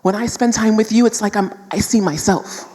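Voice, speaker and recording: A woman's voice: medium pitch, fairly quick, warm tone, long reverb tail. A woman from New York City speaking as a panel guest, telling candid, emphatic stories to a live audience. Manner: candid, emphatic storytelling, addresses audience as y'all.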